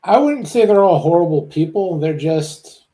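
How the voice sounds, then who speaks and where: A man with a somewhat high but mellow voice joins a casual TV discussion. He speaks in a measured way and calmly disagrees with the host. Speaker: panelist on a review chat. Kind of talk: casual chat.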